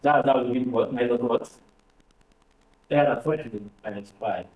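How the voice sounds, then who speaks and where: A man's voice: medium pitch, normal speed, phone-quality sound. A man teaching a finance class, repeating numbers and quizzing his students. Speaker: finance tutor. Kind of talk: classroom lecture. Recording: roomy, distant classroom recording.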